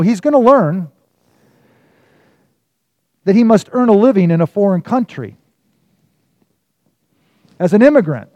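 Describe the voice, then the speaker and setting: A man preaching a sermon, telling a story and swinging from loud emphasis to hushed, quiet lines. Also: sits high, dry recording. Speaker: pastor.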